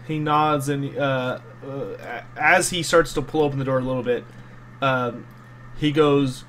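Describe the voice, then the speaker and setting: A man's voice: medium pitch, steady tone, unhurried, a bit bright. Guy running a tabletop game, lots of ums and uhs, slight hiss behind. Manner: hesitant, many ums and uhs. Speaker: game master.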